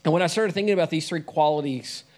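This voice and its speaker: A man's voice: a little high, fast, a little mellow. A young man preaching a sermon in a conversational way, often asking the listeners questions.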